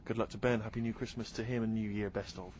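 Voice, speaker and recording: Brisk mock-stern male co-host. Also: lowish voice, fairly even intonation, a little mellow, highs cut off, slight background noise. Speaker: radio co-host. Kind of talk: casual radio banter.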